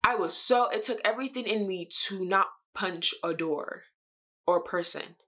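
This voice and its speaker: A young woman telling a drama story while doing her makeup, animated and swearing, acting out what she said. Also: medium pitch, moderate pace. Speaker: beauty vlogger. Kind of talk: get-ready-with-me story time.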